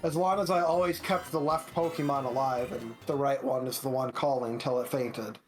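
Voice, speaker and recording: A man chatting casually on a group stream with a dry, low-key delivery and little inflection. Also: steady tone, normal speed, soft background music.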